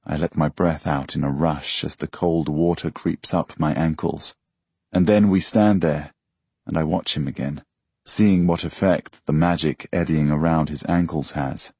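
A man reading a novel aloud in the first person, with measured, quiet storytelling. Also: a bass voice, steady tone, husky, no room sound. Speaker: audiobook narrator. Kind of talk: first-person scripted narration.

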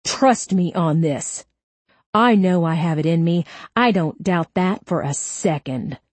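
Woman reading a tough female detective, calm, cutting, low, unhurried. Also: no room sound. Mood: threatening. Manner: calm and cutting, quietly menacing.

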